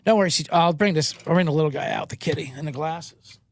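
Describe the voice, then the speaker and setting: A man hosting a sports betting show, talking casually and telling anecdotes with quick character voices. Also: on the high side. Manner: animated storyteller, doing quick voices in anecdotes.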